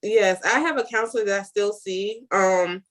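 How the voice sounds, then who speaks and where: A woman's voice: mid-range voice, moderate pace. Single mom guest, open and emotional, telling her own story. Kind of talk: personal conversation.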